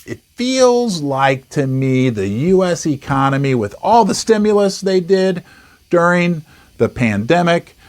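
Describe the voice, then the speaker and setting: Middle-aged man hosting a finance talk channel; emphatic, lively delivery, a touch high-pitched. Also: measured pace. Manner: animated, emphatic, repeats words for stress. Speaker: host. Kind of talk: casual market commentary.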